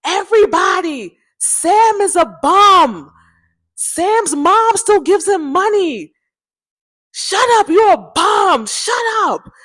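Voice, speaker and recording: A woman voicing an aggressive adult female neighbor who shouts and taunts over and over. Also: sits high, expressive, fast talker, hardly any pauses, voice pushed up. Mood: yelling.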